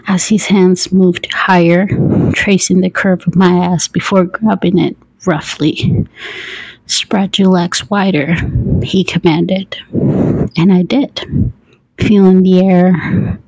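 A woman narrates an erotic story in the first person, keeping her delivery hushed and intimate and often sliding into whispers. Her voice sits a little low, with a vocal-fry rasp. She reads very slowly into a close, dry mic. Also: no echo, low-quality recording.

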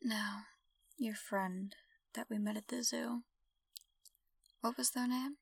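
A woman in a whispered role-play, speaking in a slow, commanding whisper and turning soft and confiding. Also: fairly high pitch, fairly even intonation, vocal fry, breathy edge, no echo, studio quality, distant mic. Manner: soft, tender, hesitant confiding. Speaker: audio role-play performer.

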